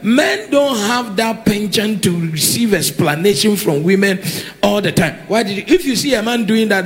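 A man with a high voice preaches a sermon, calling out to the congregation with lively energy and repeating words for emphasis.

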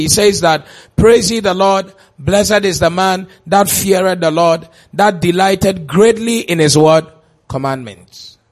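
A man preaches a sermon in a husky, gravelly voice. He speaks slowly and stretches his emphatic lines into shouts. He keeps putting questions to the congregation. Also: high voice.

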